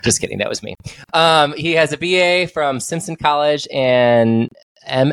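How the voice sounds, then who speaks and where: A man's voice: normal speed, clear, resonant tone, dry recording. Playful podcast host man, dry close sound. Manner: playful, self-mocking, bursts into high excited exclamations. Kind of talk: casual podcast interview.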